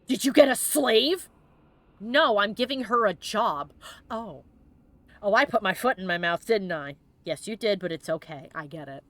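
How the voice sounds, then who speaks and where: A woman's voice: medium pitch, lively intonation, moderate pace, fairly bright tone. A woman streamer giving casual gameplay commentary, bubbly and joking, laughing often and acting out the characters' lines. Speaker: let's play streamer.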